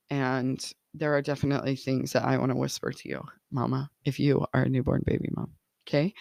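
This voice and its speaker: A woman's voice: low voice, creaky, darkish tone, no room sound, clean studio sound. A woman in her thirties, a life coach hosting a casual podcast monologue, encouraging and laughing often, with lots of "like" and "right?".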